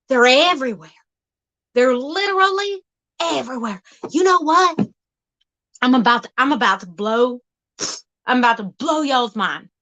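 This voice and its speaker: A woman's voice: high-pitched, bright, forceful tone. A woman hosting an outdoor vlog, rambling in a folksy, teasing comic monologue. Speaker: vlog host.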